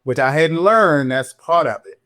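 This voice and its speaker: A middle-aged man speaks as a podcast guest in a slightly high register. He tells his police story candidly and animatedly. He jumps higher still whenever he acts out what someone said. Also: animated, moderate pace, fairly bright tone.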